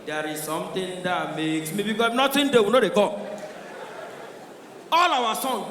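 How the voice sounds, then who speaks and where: A high-voiced man with a Nigerian accent does a stand-up comedy routine, telling his stories in Pidgin. He acts out the characters as he goes. He is heard from far off in a roomy hall with a long echo. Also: expressive, moderate pace, a bit bright, slight background noise. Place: live comedy show venue.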